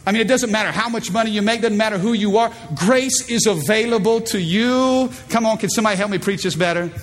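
A pastor in his thirties preaches from a church stage, calling out emphatically to the congregation. His voice sits high and moves fast. A long hall reverb and faint ambience surround the recording.

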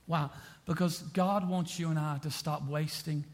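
A man preaching a sermon as pastor, repeating phrases and swinging from quiet to impassioned. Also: a little high, fairly even intonation, fairly quick, vocal fry, hardly any pauses.

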